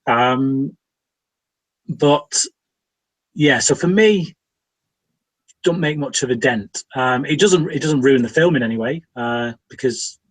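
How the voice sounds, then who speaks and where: A man's voice: medium pitch, takes it slowly, pauses often, poor audio. A British man giving his opinions in a casual podcast film discussion, often repeating words as he builds a point. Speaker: podcast panelist.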